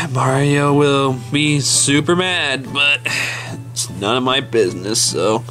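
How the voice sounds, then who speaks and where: A man's voice: mid-range voice, animated, slow pace, sharp tone, soft background music, low-quality recording. A man voicing a tired young sidekick who sighs and mumbles, resigned to staying out of trouble. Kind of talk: toy stop-motion fan skit voice.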